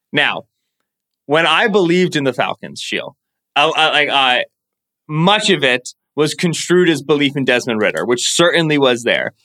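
A man co-hosting a sports podcast, talking fast and animated, breaking into theatrical mock-biblical rants. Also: on the high side. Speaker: podcast co-host.

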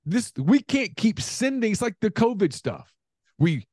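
A man's voice: high-pitched, sing-song, a little slow, darkish tone, slightly rough, no room sound, studio quality. A man co-hosting a podcast, ranting in heated casual chat and stumbling over repeated words as he gets worked up. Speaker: podcast co-host.

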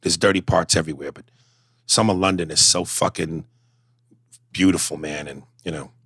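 Low-voiced man in profane podcast chat. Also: moderate pace, creaky, slightly rough, no echo, clean studio sound. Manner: animated, profane storytelling, reads listener messages aloud. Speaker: podcast co-host. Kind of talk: casual chat.

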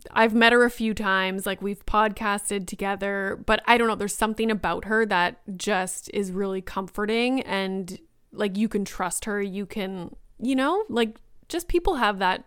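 A woman podcast host tells a story in a loose, chatty monologue, dropping "like" constantly and acting out what people said. Her voice is smooth and clear, sitting at an ordinary middle pitch for a woman. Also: a bit bright, dry recording, studio quality. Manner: chatty, many "like"s, acts out quoted lines.

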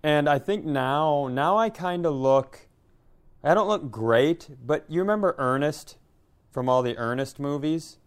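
A man's voice: fairly high pitch, expressive, a little slow, smooth. A middle-aged man co-hosting a casual comedy chat, making self-mocking jokes. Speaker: podcast co-host.

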